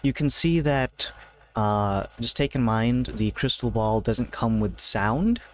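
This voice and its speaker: Man narrating as game master, halting. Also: mid-range voice, expressive. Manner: loose, hesitant narration with many fillers. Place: home, seated in a gaming chair.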